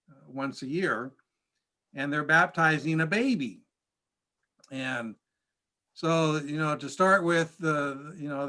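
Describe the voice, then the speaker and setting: A man, a pastor, telling stories in a casual church class, chatty and halting with frequent restarts. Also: fairly high pitch, bright, forceful tone. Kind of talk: casual storytelling lesson.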